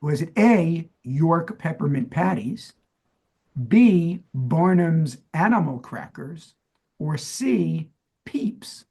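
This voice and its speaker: A middle-aged man from New Jersey co-hosts a casual podcast, quizzing his partner in a rambling, friendly way. His voice sits fairly high for a man, with a gravelly edge and a husky texture. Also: lively intonation, takes it slowly, a little mellow. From New Jersey, USA. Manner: chatty, meandering, quizzing with fillers. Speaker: podcast co-host. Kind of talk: casual chat, trivia quiz.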